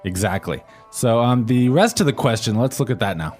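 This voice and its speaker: A man's voice: mid-range voice, animated, fairly quick, darkish tone. Man prompting a language lesson. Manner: prompts with questions, often ends with "right?". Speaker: co-host, learner's voice. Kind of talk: scripted language-lesson podcast. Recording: faint music bed.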